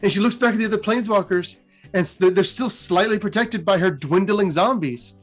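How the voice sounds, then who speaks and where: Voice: mid-range voice, fairly quick, soft background music. A podcast host casually retelling fantasy game lore, rambling with many fillers and laughing at the jokes. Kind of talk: casual storytelling.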